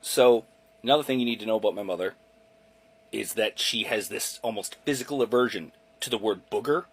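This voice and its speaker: A man's voice: lowish voice, fairly quick, husky. A man in his forties telling a personal story in a chatty, loose way, with casual swearing. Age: 40s.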